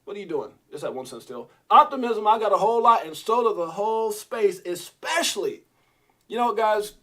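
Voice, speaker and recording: A man hosting a live crypto stream in casual chat, joking, excitable and talking straight to his viewers. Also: high-pitched, moderate pace. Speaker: crypto livestream host.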